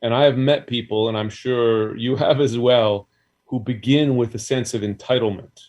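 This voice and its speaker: A male news anchor, a guest on the show, chatting casually and filling pauses with quick asides. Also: medium pitch, steady tone, darkish tone. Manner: conversational, quick with fillers. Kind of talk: casual chat.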